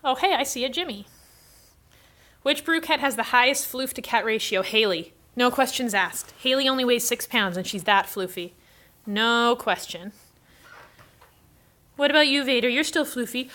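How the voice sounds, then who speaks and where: A woman's voice: a little high, normal speed, pauses often, sharp tone. A woman hosting a casual livestream, chatting with viewers and cooing baby talk at her cats.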